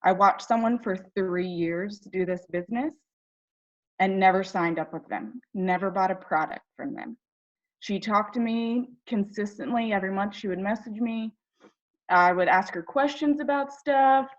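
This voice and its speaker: A woman's voice: mid-range voice, highs cut off. A woman from Ohio telling her personal story on a team call, chatty and emotional, with many fillers. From Ohio, United States. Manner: tearful, chatty, full of fillers. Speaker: direct sales team member.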